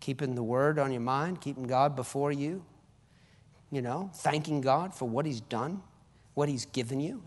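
A man preaching a sermon as pastor, his force rising and falling sharply between fervent cries and quiet asides. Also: medium pitch, normal speed, in a large hall. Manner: preaching with sudden rises and drops in force.

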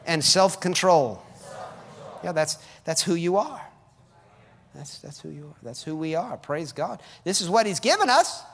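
A man preaches with a high, lively voice that climbs into fervent cries and drops to quiet asides. His words ring out in a big hall with a long echo. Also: a little slow, pauses often. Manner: preaching with sudden rises and drops in force. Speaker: pastor. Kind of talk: sermon.

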